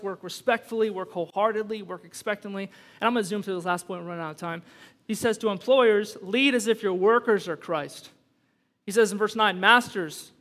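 Man, pastor, sermon, high voice, animated emphasis, storytelling asides, long hall reverb. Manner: animated preaching with rising emphasis.

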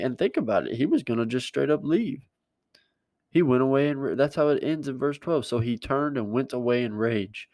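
A man's voice: medium pitch, lively intonation, moderate pace, a little mellow, no room sound. A male pastor giving a conversational sermon, plain-spoken and emphatic, repeating his key words.

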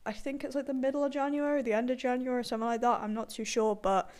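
A woman's voice: high-pitched, fairly even intonation, quick pace, darkish tone. A young woman rambling in a casual chat, full of fillers and frequent laughter. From partially Irish background.

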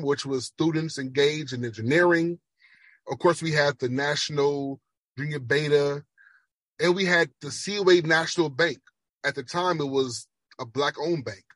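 A man from Chicago with a slight Jamaican-influenced accent, a speech pathologist giving earnest, emphatic interview answers that slow down for emphasis. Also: a little high, a bit bright, dry recording. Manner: emphatic, measured, slows for emphasis. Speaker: speech language pathologist guest.

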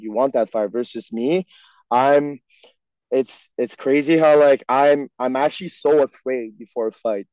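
His voice is medium-pitched and mellow, with no echo. He's a young adult guest on a podcast, a professional hockey player whose native language is French, chatting loosely in English with a French Canadian accent and leaning on "like" and "you know," all in a dry, dull lo-fi recording.

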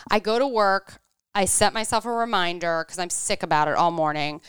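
A woman's voice: fairly low pitch, normal speed, clear, resonant tone, no echo, studio quality. A woman in her thirties, a podcast co-host, telling a story in casual chat and acting out the dialogue with animation. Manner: animated, acts out quoted dialogue.

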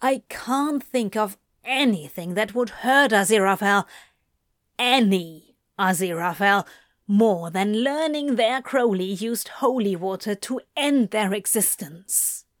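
A woman reading aloud, voicing a wry, teasing male demon in a slightly lower, softer voice. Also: expressive, measured pace, dry recording, clean studio sound, close to an everyday voice. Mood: earnest. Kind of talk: amateur audiobook reading.

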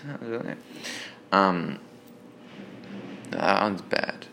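Rambling, self-mocking man with a creaky voice. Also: lowish voice, moderate pace, fairly bright tone, slight background noise. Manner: rambling, self-mocking, swearing, laughs at himself. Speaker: amateur comedian. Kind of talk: reading old joke notes aloud. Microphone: phone voice memo.

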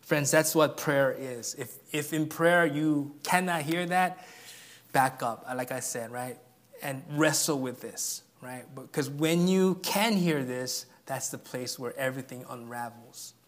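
A male pastor preaching a sermon in an earnest way, dropping to a hush and then rising to emphatic peaks. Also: medium pitch, measured pace. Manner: earnest, swings from hushed to emphatic.

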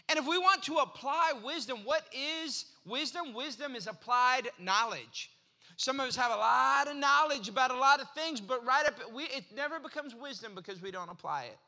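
A man's voice: extremely high pitch, bright, forceful tone. A man in his forties preaching a sermon in a conversational, storytelling way, acting out little exchanges in his anecdotes. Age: 40s. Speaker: pastor.

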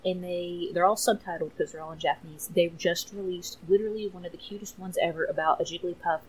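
A woman's voice: on the low side, steady tone, fast talker, slight background noise, poor audio. A woman guest on a casual podcast chat, enthusiastic and tender-hearted.

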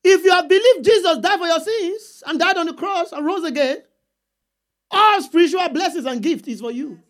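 High-voiced woman preaching. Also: moderate pace. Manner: call-and-response with the congregation, emphatic repeats. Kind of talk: sermon.

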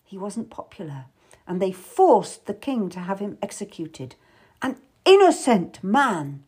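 A woman's voice: on the high side, sing-song, slow, darkish tone, breathy edge, voice pushed up, full character voice. A woman voicing a worldly, tough middle-aged lady courtier who speaks wistfully and with sudden bitterness, for an audiobook. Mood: bitter. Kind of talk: audiobook character voice.

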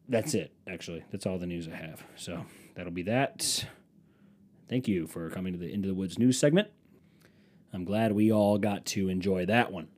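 A man's voice: sits low, darkish tone. A young man hosting a solo podcast, rambling casually with lots of swearing and self-mockery. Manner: rambling, profane, self-mocking. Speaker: podcast host.

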